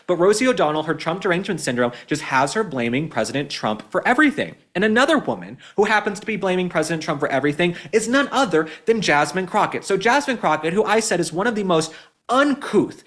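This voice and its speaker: A man's voice: sits high, sing-song, fast talker, fairly bright tone. A man from Texas hosting a political commentary show, talking with indignant mockery. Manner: indignant, mocking. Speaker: host.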